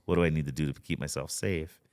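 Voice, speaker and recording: A man in a casual podcast conversation who tells stories in an easy, rambling way, dropping "you know" into almost every thought. His voice sits low. He sounds like he is talking into a studio mic. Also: fast. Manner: relaxed storytelling, frequent "you know" and "like". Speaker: guest, spearfisher.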